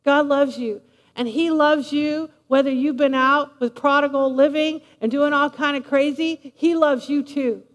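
High-voiced woman preaching in a big hall. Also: measured pace, lo-fi sound. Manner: lively, playful, talks straight to the congregation. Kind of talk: sermon. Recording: long reverb of a large hall.

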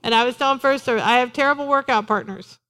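Woman pastor, sermon, lively, chatty, joking with congregation, high voice. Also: quick pace. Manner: lively, conversational, jokes with the congregation. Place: church in front of a congregation.

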